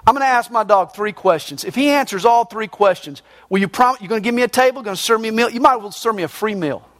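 A man doing a pushy dog owner in a high voice. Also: fast talker, fairly bright tone. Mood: bargaining. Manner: pleading, insistent.

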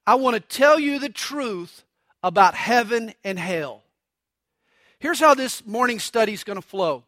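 A man's voice: very high voice, expressive, measured pace, a bit bright, no room sound, clean studio sound. A man preaching a sermon, mixing stories and jokes with acted voices for quotes. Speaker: pastor.

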